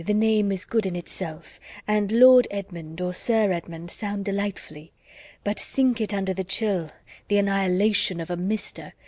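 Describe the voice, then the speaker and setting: A woman's voice: medium pitch, a little mellow, dry recording, lightly acted. A woman voicing a witty, teasing young society woman who speaks archly and playfully in an audiobook. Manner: arch and playful.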